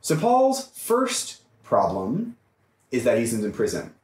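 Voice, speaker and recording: Male priest, emphatic teaching voice, lively, mic far off in a reverberant room. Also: mid-range voice, slow. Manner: animated, emphatic, often checks in with "right?". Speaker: priest teaching a Bible study. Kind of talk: Bible study lecture.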